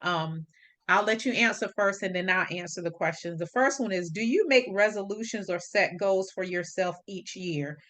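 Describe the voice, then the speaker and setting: A woman hosts a podcast in a relaxed, chatty way, often agreeing along with her guest. Her voice is bright and crisp, sitting at an ordinary pitch. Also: moderate pace. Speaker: podcast host. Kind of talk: casual podcast chat.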